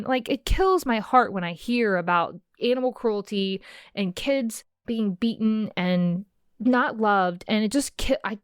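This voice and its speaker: A woman's voice: medium pitch, no echo, studio quality. A woman hosting her own podcast, talking in a rambling, impassioned monologue full of "okay?" asides, emotional and empathetic, calling listeners "sis.". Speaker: podcast host. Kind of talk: casual monologue.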